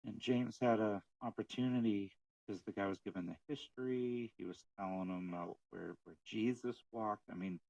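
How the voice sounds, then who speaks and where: A man co-hosting a casual podcast about faith, telling stories with animated retelling of what others said. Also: fairly low pitch, normal speed, gravelly, no room sound, distant mic, lo-fi sound. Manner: storytelling, animated retelling of quotes. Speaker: podcast co-host.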